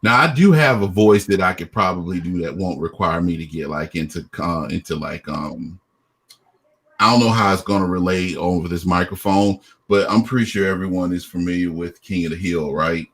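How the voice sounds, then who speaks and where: A man's voice: deep voice, moderate pace, fairly bright tone, slight background noise. A middle-aged man chatting casually as a guest, hesitant and full of fillers. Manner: hesitant, many fillers and restarts. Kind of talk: casual chat.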